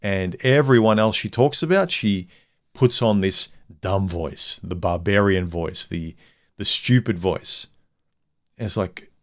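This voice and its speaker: A man with a very low, deep voice talks through a casual livestream monologue. He is candid and blunt, and his thoughts ramble from point to point. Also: very animated, unhurried, vocal fry. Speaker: livestream host.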